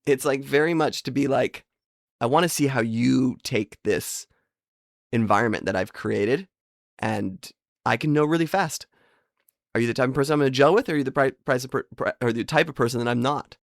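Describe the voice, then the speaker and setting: A man hosting a podcast, telling rambling, self-deprecating stories in a casual monologue and slipping into quick voice impressions. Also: mid-range voice, gravelly, no echo, clean studio sound. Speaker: podcast host.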